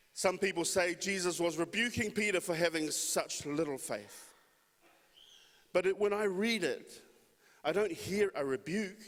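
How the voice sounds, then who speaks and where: A man's voice: fairly high pitch, a bit bright. A man preaching a sermon in a conversational storytelling way. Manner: conversational, storytelling with acted quotes. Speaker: pastor. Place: church hall. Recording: long hall reverb.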